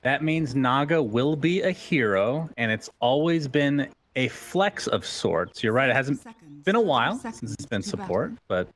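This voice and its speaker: A man's voice: mid-range voice, sing-song, unhurried, a bit bright. A man doing live esports commentary, chatting with his co-caster and calling the action. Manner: conversational, asks co-caster questions. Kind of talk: casual live game commentary.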